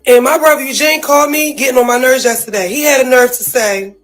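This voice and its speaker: A woman's voice: sits high, fast, faint music behind, poor audio. A woman in an emotional, profane, casual rant about family, often saying "you feel me" and near tears. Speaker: sister speaking out.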